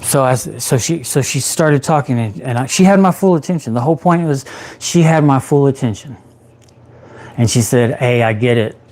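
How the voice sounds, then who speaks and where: A man's voice: medium pitch, moderate pace. Man telling a personal recovery story. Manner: animated storytelling, acts out his own past voice. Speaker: peer support specialist.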